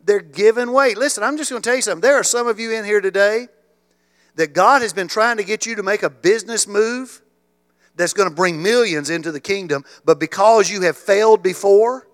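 A middle-aged male pastor preaching a sermon in a voice a touch higher than most men's. He stumbles and repeats himself, then drives his points home with rising force. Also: a little fast. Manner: repeats words and restarts, builds to loud emphatic stretches. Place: church.

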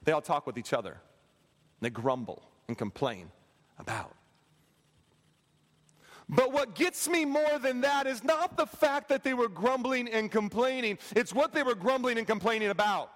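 A man preaching a sermon as pastor, animated and joking with his congregation, acting out voices. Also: extremely high pitch, moderate pace. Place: large church hall. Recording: echoey church hall.

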